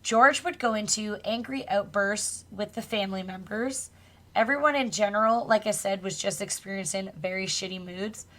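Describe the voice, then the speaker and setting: A woman's voice: mid-range voice, moderate pace. Woman casually retelling a spooky story. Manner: relaxed storytelling with casual swearing and laughs. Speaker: podcast co-host. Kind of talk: casual chat, retelling a true crime story.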